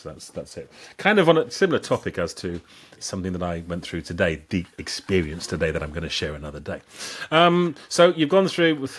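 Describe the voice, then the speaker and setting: A man interviewing a guest and asking long, rambling questions. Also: lowish voice. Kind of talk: casual interview.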